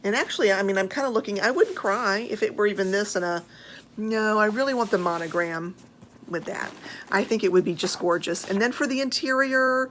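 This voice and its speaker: American woman, vlogger, mid-pitched, chatty, gushing with fillers, faint room hiss behind. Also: fairly quick, fairly bright tone. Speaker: handbag vlogger. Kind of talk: casual show-and-tell chat.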